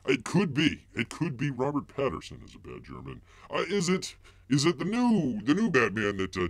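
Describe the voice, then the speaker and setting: Rambling man with a wildly swinging pitch. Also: no echo. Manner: rambling and mocking, speaks of himself in the third person; heavy filler words and restarts. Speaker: live-stream host. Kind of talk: live-stream news commentary.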